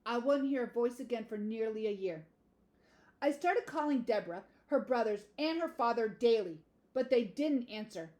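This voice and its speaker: A woman's voice: on the high side, lively intonation, moderate pace, a little mellow. Woman narrating an audiobook. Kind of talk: first-person audiobook narration.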